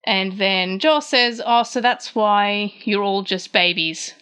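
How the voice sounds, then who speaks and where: Speaking slowly in a medium pitch, an Australian podcast host recaps a manga chapter with a pushed, bright, clean tone. She retells scenes conversationally, lifting her voice whenever she quotes a line, and often uses fillers and restarts.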